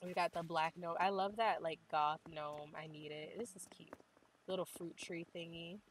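Young woman, lowish voice, casual gaming host, gushing and chatty. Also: fairly even intonation, moderate pace, slight background noise, rough recording. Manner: chatty, gushing, says "like" constantly. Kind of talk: casual game tour commentary.

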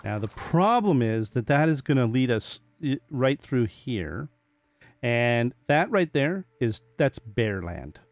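Lively, chatty man narrating his gameplay. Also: mid-range voice, slow pace, no room sound. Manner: chatty, talks to animals in the game, laughs often. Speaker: gaming video host. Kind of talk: casual gameplay commentary.

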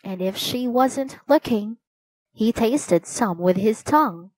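Woman narrating a storybook, a touch high, slow and dry. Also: expressive, no room sound, rough recording. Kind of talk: storybook reading.

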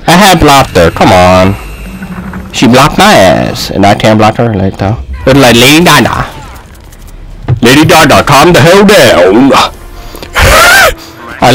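A young man giving casual gaming commentary, trash-talking and shouting at a fighting game. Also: rough recording. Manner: excitable, shouts and trash-talks at the game, swings loud and high. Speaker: gaming YouTuber. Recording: faint music behind.

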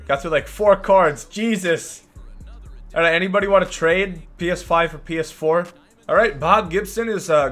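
A man with a slightly high voice hosts his own gaming channel, riffing through his gameplay with dry, sarcastic jokes. He rambles casually and breaks into loud shouts at big plays. Faint music plays behind him. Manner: joking, sarcastic, rambling asides. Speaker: YouTube gaming host.

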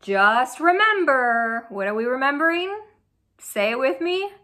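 Young woman with a fairly high voice, reads a children's picture book aloud at an easy pace and quizzes her listeners. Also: measured pace. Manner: animated, asks children questions. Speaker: children's storyteller.

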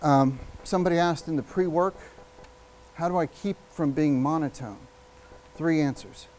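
A man giving a live public speaking workshop, energetic and emphatic, shifting his speed and volume and using long pauses. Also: fairly high pitch, a little hiss or hum, low-quality recording. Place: workshop room with an audience.

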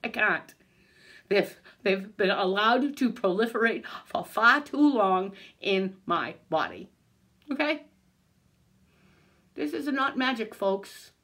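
A woman's voice: medium pitch, animated, slow, pauses often, a bit bright. An older woman filming herself in an agitated, angry rant, swearing, stammering and breaking into bitter laughs. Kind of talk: angry self-filmed rant.

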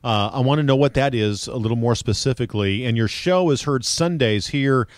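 Radio host asking questions. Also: male voice, medium pitch, fairly quick, dry recording, studio quality. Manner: conversational, probing. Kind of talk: radio interview.

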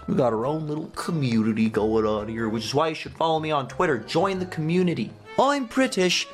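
Hyped guy narrating his gameplay, voice bouncing all over, kinda high, faint music behind. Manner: animated, stammering repeats, talks to viewers. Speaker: gaming video host. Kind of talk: excitable game commentary.

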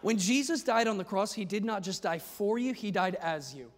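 A man preaching a sermon in a large church hall, with an urgent, impassioned delivery. His voice sits fairly high for a man. Long reverb hangs behind every phrase. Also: lively intonation, moderate pace. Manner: impassioned preaching that rises to shouts. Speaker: pastor.

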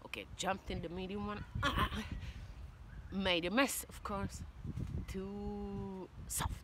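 Woman, storyteller, slow and unhurried, lively pitch, noisy outdoor recording. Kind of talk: casual storytelling to viewers.

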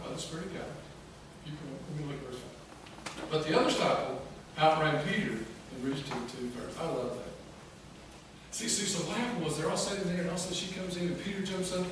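A man preaching a sermon as pastor, telling the story in a folksy, animated way and acting out the quoted voices. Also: high voice. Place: church sanctuary. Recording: echoey church from a distance with noise.

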